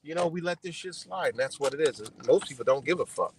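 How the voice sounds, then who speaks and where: This American man's voice is a little high, animated and fast, with background noise behind it. He's casually ranting on a live stream, heated and profane, going over his points again and again and capping them with "you know."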